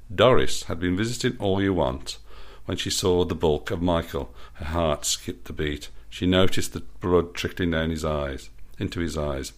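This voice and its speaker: Male storyteller, very low pitch, playful self-amused reading. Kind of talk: reading his own story aloud.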